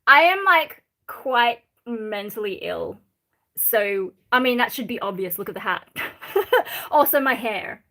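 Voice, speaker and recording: Australian woman, raised in Sydney, voice a touch high, chatty rambling stream host answering chat. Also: expressive, slow, bright, forceful tone. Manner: rambling, reads chat comments aloud and answers them. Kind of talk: casual live-stream chat.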